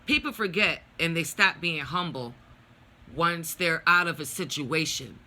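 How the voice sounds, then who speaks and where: Middle-aged woman, bright edgy voice, heated and foul-mouthed storytelling to camera. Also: fairly low pitch, lively intonation, measured pace. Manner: blunt, profane, heated venting. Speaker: vlogger. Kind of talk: personal storytime rant.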